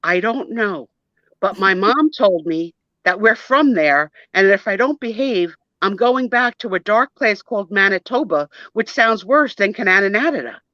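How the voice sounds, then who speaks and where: A woman's voice: medium pitch, lively intonation, moderate pace, a bit bright, no room sound, highs cut off, pitched above the performer's own voice, close to an everyday voice. A woman voicing a chatty young schoolgirl who rambles earnestly.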